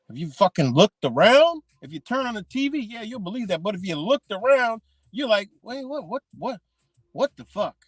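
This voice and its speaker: A man's voice: sits high, dry recording. A man ranting in a heated, profane monologue, repeating himself and swearing often. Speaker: vlogger.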